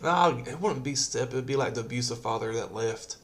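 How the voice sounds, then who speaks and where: A man's voice: medium pitch, a little fast, a bit bright, a little hiss or hum. A man hosting a casual podcast chat and throwing in dry, joking quips. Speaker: podcast host.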